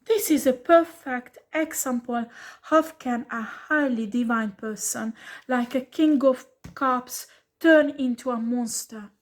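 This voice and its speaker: A woman's voice: high-pitched, takes it slowly. A woman giving a tarot reading who scolds bluntly and swears freely, repeating rhetorical questions for emphasis. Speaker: tarot reader.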